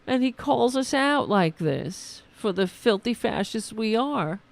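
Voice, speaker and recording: A woman's voice: lively intonation, unhurried, gravelly. Sarcastic woman ranting on politics. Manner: sarcastic, mocks opponents in high put-on voices. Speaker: political commentary podcast host.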